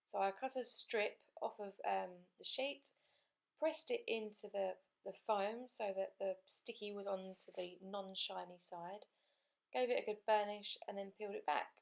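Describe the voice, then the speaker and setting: A woman's voice: mid-range voice, gravelly. A woman hosting a card-making channel, talking through a crafting tutorial voice-over in a chatty way and explaining each step as she goes.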